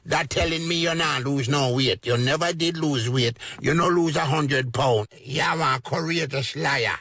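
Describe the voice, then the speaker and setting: A man's voice: on the high side, normal speed, bright, forceful tone, dry recording, studio quality. A man dubbing a blunt, mocking male weight-loss doctor with a Jamaican accent in a comedic dub. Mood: scolding.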